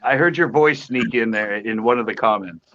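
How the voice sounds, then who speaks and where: An upbeat, chatty man on a live-stream panel who is quick to laugh, heard through dull lo-fi audio. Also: on the low side, noisy background. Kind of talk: casual live-stream chat.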